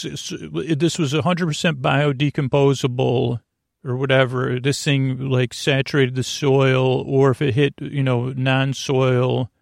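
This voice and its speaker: A man hosting a sleep podcast, talking in a creaky voice and wandering off on tangents in a meandering bedtime ramble. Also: mid-range voice, no echo, clean studio sound.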